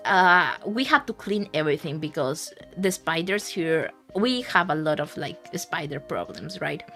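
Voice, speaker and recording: Woman streamer, bright crisp voice, giggly and foul-mouthed, faint music behind. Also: lowish voice. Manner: laughs often, swears, rambling storyteller. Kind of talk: casual stream chat.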